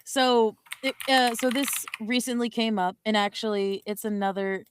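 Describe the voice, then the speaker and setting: A woman's voice: a little high, fairly even intonation, moderate pace, slight background noise. A young woman co-hosting a podcast, chatting casually in a rambling, giggly way and correcting herself often. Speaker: podcast co-host. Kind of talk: casual chat.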